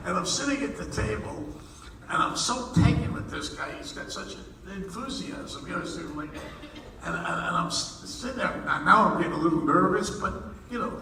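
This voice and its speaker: A man telling a rambling stage story with frequent laughs and restarts, heard from a distance in a large theater. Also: high-pitched. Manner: rambling, halting, laughing often. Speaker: festival guest telling a story. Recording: echoey hall, distant mic, loud room noise.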